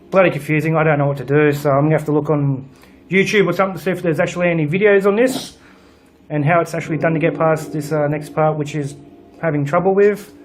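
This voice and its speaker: A young man with a slightly high voice talks through a horror game from his home setup. He swears constantly and grumbles with dry sarcasm into a desk microphone. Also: slight background noise. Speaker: gaming channel host. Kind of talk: let's play commentary.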